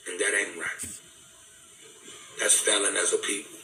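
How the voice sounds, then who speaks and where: A man's voice: low-pitched, little pitch movement, unhurried, pushed and bright, a little hiss or hum. A man giving an impassioned, preaching talk, fervent and repetitive, in casual vernacular. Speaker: speaker. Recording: echoey room, distant mic, faint music.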